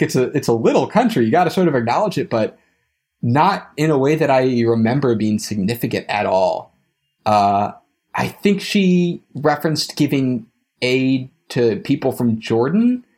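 Young male podcast co-host, mid-pitched, hesitant and wry, casual recounting. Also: slightly rough. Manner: wry, halting, laughs between thoughts. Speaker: podcast co-host, trip returnee.

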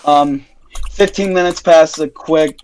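Young male game master, slightly higher pitch, halting narration full of fillers. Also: fairly even intonation, a little mellow, rough recording. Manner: halting, many ums and self-corrections.

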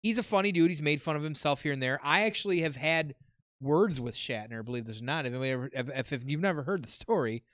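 A man's voice: a little high, fast talker, fairly bright tone, no room sound, clean studio sound. A man co-hosting a casual podcast chat, a chatty storyteller who laughs often. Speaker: podcast co-host.

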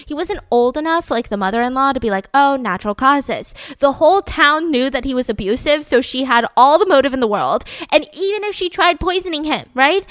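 A young woman hosting a podcast, retelling a true-crime story in a chatty, animated way. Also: high-pitched, dry recording. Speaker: podcast host.

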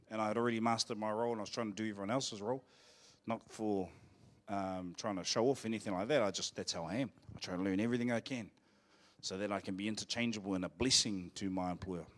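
A man with a New Zealand accent, a pastor preaching a live church sermon, telling a personal story in a jokey, playful way and getting the congregation to call out phrases. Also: fairly low pitch. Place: church service.

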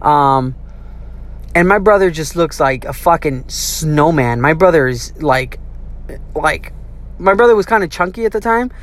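A young adult telling a childhood story in a casual, profane way. The delivery is animated, with quick shifts into quoted voices. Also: medium pitch.

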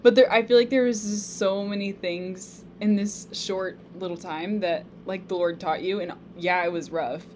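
A young woman hosting a casual faith chat, expressive and quick to react with exclamations. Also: mid-range voice, slight background noise.

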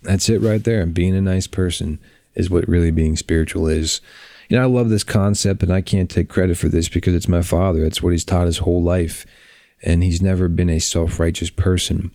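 A man hosting a reflective podcast, talking bluntly and earnestly with drawn-out pauses, on a close microphone. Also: deep voice, steady tone, warm tone, dry recording. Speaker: podcast host.

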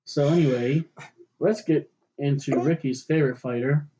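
A man's voice: a little high, steady tone, normal speed, warm tone, lo-fi sound, a little hiss or hum. A man co-hosting a casual fight talk podcast, rambling and swearing as he restarts his sentences. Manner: rambling, profane, restarts often. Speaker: podcast co-host. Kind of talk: casual chat about fights.

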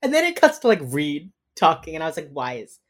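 A man's voice: on the high side, wildly swooping pitch, fairly quick. A man co-hosting a podcast, rambling through a casual recap of a TV episode with many fillers. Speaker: podcast co-host.

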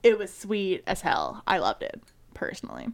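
A woman hosting a podcast, recapping episodes in an animated, laughing way with frequent swearing. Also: mid-range voice, moderate pace, creaky. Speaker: podcast host.

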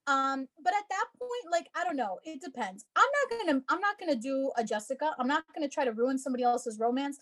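Woman, very high voice, blunt, profane, emphatic, casual podcast chat. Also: lively intonation, quick pace, few pauses. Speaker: podcast co-host.

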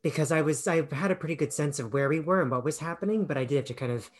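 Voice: medium pitch, rapid-fire. A podcast co-host chatting casually about a film, hesitant and full of fillers. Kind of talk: casual film review chat.

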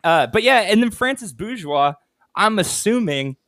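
A man's voice: sits high, moderate pace, no echo, clean studio sound. A man on a podcast, telling stories in casual, profane chat. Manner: profane, excitable storyteller. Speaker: podcast co-host.

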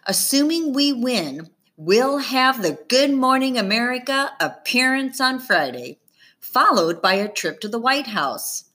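A woman reading a children's novel aloud, her voice bright and ringing. She tells it slowly and expressively, and her pitch rises and falls freely. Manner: expressive, first-person storytelling. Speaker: audiobook narrator.

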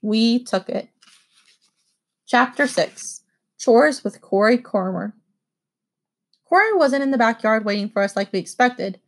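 A woman reading a children's novel aloud with expressive first-person narration. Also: a little high, a little slow, pauses often. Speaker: audiobook reader.

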